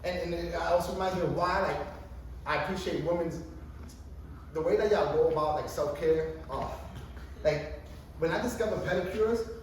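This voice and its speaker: A man's voice: a little high, moderate pace, long pauses. A man in his thirties doing a stand-up comedy routine at a coffee shop open mic, rambling through his story with lots of fillers and swearing. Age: 30s. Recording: echoey distant room recording with ambient noise.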